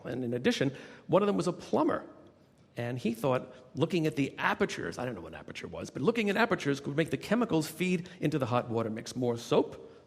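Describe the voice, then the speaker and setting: A man, a motivational speaker, telling a workplace anecdote in lively storytelling narration. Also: mid-range voice, vocal fry, husky. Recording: reverberant recording.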